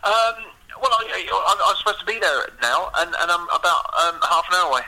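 A man's voice: high-pitched, animated, fairly quick, pushed and bright. A man phoning in from the roadside, flustered and stammering. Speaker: phone-in guest. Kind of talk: casual phone chat. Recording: phone line.

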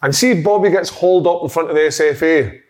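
Animated Scottish man telling football stories. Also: a little high, fast. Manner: animated storyteller, swears freely. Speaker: podcast co-host. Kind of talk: casual football chat.

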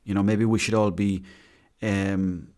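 A man's voice: fairly low pitch, flat delivery, unhurried, a little mellow. An Irish man in his thirties hosting a casual solo podcast, rambling and self-mocking as he chats. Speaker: podcast host.

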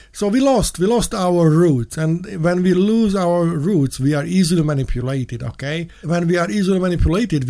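A man hosting a casual commentary monologue, sarcastic, mocking in put-on voices and breaking into sudden shouts. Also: on the high side. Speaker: podcast host.

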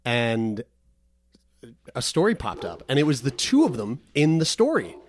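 A man's voice: medium pitch, big pitch swings, measured pace. A man co-hosting a podcast, reading listener emails aloud in a casual, self-mocking way with lots of swearing and laughter. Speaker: podcast co-host.

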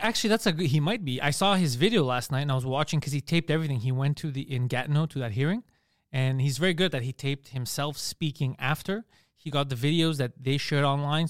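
A man hosting a podcast in casual chat, talking in an animated way and swearing freely. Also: mid-range voice, clean tone, dry recording, clean studio sound. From Canada. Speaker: podcast host.

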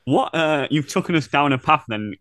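A man co-hosts a podcast in casual, comedic chat, his fairly high, bright voice expressive at normal speed. The recording is dry and studio quality. He's playful and teasing and laughs often.

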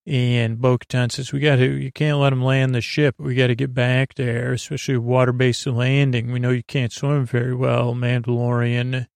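A man hosting a podcast, casually recapping an episode in a halting way, full of fillers and restarts. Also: medium pitch, creaky, dry recording, clean studio sound. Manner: retells scenes in a flat paraphrase of the dialogue. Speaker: podcast host.

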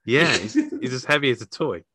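A man's voice: mid-range voice, animated, moderate pace, pushed and bright, slight background noise. A man, co-hosting a casual podcast chat, speaking hesitantly with many fillers. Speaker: podcast co-host.

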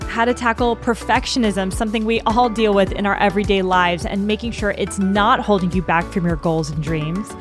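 A woman hosting a podcast interview, speaking in an earnest, heartfelt way. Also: medium pitch. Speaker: podcast host.

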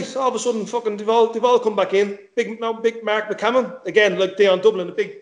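A man tells a football story at a rapid clip, swearing freely and playing out each exchange in quotes. His voice sits a little high, and the room around him is echoey. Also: fairly even intonation. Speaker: former footballer guest. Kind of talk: casual anecdote-telling.

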